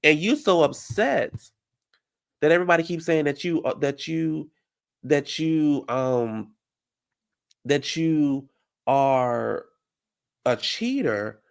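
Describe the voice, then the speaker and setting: This man's voice is a little high and gravelly, and he speaks slowly with frequent pauses. Hosting an informal live reality-show recap, he rants heatedly, reads out viewer comments, and speaks directly to the people on the show.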